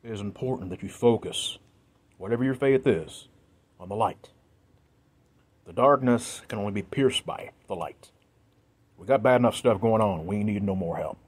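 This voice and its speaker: A man's voice: lowish voice, moderate pace, long pauses, husky. A man speaking to his viewers in an earnest, emphatic monologue, repeating himself and sounding emotional. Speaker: video creator.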